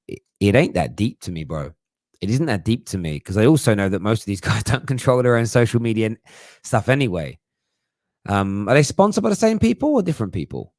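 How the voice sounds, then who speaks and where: A man's voice: on the low side, dry recording, clean studio sound. A young man hosting a casual live chat, jokey and slangy, laughing often. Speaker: livestream host.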